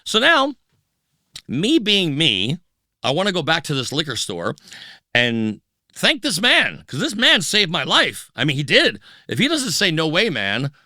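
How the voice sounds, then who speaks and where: A man's voice: on the high side, a little slow, dry recording. A middle-aged man, a musician guest in a podcast studio, telling his story candidly and acting out the voices of the people in it. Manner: animated storyteller who acts out quoted voices. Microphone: studio microphone.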